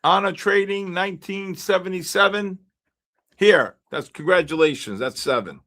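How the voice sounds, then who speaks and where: This livestream host is a man with a high, fairly bright voice speaking at normal speed. He runs a live trading stream, calling out viewer names in turn like an auctioneer.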